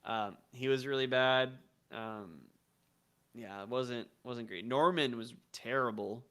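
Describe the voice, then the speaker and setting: A man's voice: mid-range voice, slow pace, a bit bright, smooth. Laid-back guy chatting about a game on a podcast, chuckles a lot. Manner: easygoing, laughs often, hesitant with "um" restarts. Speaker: podcast co-host. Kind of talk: casual chat about a video game.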